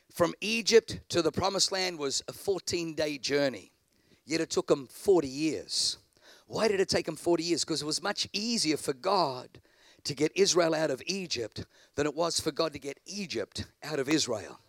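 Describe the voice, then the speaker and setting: A man preaching a sermon, dramatic, shifting from shouted peaks to quiet asides and acting out the people in his stories. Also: dry recording. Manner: dramatic, swings from shouting to low asides, acts out characters.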